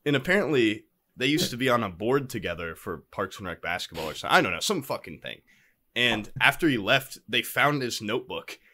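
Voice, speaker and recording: A man's voice: medium pitch, a little fast. A young man in a casual podcast chat, telling a story with laughter and mimicking other people's voices. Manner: animated, laughing, acts out others' voices in his stories. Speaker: podcast co-host.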